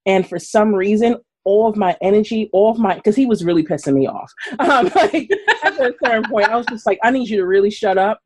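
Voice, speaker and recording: A woman's voice: medium pitch, brisk, few pauses, husky. A woman from Brooklyn, a guest on a live video chat, telling stories casually and acting out quoted lines with laughs. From Brooklyn, New York. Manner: animated, laughing, acts out quotes. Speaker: guest runner.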